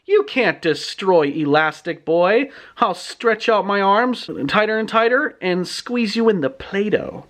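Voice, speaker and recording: A boastful twelve-year-old boy who likes playing superhero, put on by a man retelling a storybook. He sounds higher and bouncy, with lively swings in pitch and a cocky, excitable edge. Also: measured pace, few pauses.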